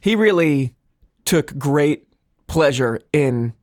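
A man's voice: on the high side, lively intonation, takes it slowly, a little mellow, dry recording. A man with a slightly raised voice hosts a comedy podcast in loose, casual chat. He rambles, restarts his sentences and pokes fun at himself. The recording is close and bone-dry, with no room sound. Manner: self-deprecating, rambling with restarts. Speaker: podcast co-host.

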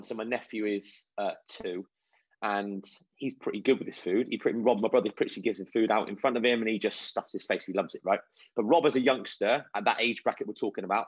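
A man who coaches children on nutrition answers interview questions chattily, telling animated, anecdotal stories. His voice is fairly low and husky, with no room sound on a dull, lo-fi recording.

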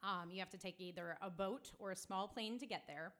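A woman's voice: mid-range voice, a little fast, fairly bright tone. Woman opening a story with filler ums. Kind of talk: first-person story told on stage.

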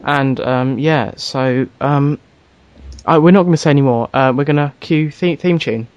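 A man co-hosting a casual podcast chat, teasing his partner with quick interjections. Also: medium pitch, muffled recording. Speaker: podcast co-host.

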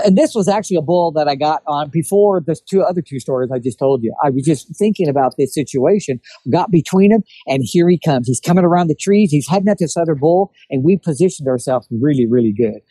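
A guest with a slightly high male voice spins a hunting yarn in relaxed conversation, animatedly performing the quotes of the people involved. There is no echo, but the audio quality is low.

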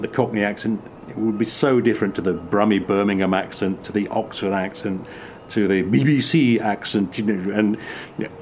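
A man's voice: fairly low pitch, a little hiss or hum. A man with an English accent from the Midlands chatting reflectively at a table, often restarting his sentences. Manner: reflective, many restarts, animated bursts. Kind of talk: casual chat.

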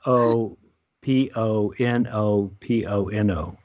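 A man, a meditation teacher, explaining a prayer practice in casual spiritual conversation, halting with fillers and restarts. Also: fairly low pitch, dry recording, lo-fi sound. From United States.

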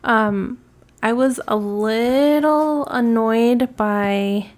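A female podcast co-host in a casual film review, speaking calmly and reading the credits steadily. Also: fairly high pitch, extremely slow.

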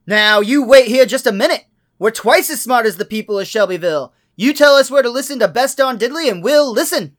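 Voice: mid-range voice, sing-song, fairly quick, hardly any pauses, close to an everyday voice. A performer voicing a cheerful small-town show host who announces a podcast promo. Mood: indignant.

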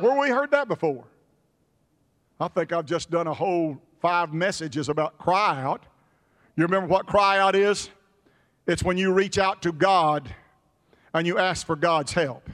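A pastor preaching a sermon with emphatic repetitions. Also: male voice, sits high, measured pace, pauses often, fairly bright tone, big-room sound.

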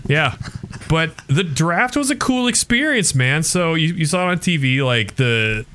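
Dude rambling thru a story on a podcast, casual, lots of likes and you knows. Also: male voice, fairly high pitch, unhurried. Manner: rambling, animated, lots of fillers. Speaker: podcast co-host.

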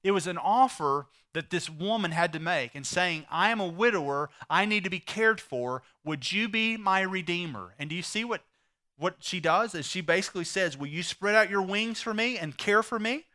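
A man preaching a sermon, retelling a story with animated voices for the characters. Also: high-pitched, moderate pace. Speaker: pastor.

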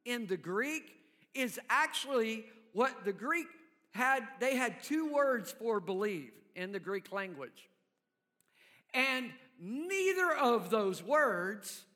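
A man with a high, bright voice preaches in an unhurried, conversational way, often checking in with his listeners. His words carry a long reverb from a large hall. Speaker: pastor. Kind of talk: sermon.

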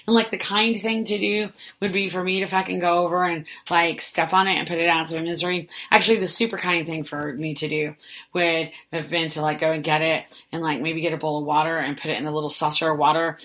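A woman hosts a solo podcast, telling a rambling, self-deprecating story packed with "like" and offhand swearing. She talks fast in a low, somewhat bright voice with little pitch movement.

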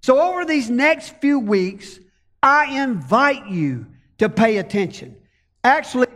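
A man's voice: high voice, a bit bright, big-room sound. A man preaching a sermon as pastor from a church stage, talking conversationally and asking the congregation rhetorical questions.

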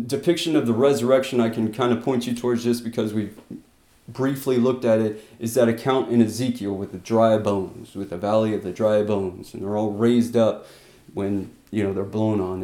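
A man teaching through a Bible passage, animated, acting out quotes with bursts of loudness and short laughs. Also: on the low side, echoey room.

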